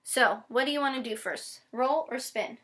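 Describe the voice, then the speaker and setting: A woman teacher giving a patient one-on-one phonics lesson, modeling each step slowly and spelling words out letter by letter. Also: sits high, a bit bright. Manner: slow, deliberate modeling with frequent check-ins. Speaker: special education teacher.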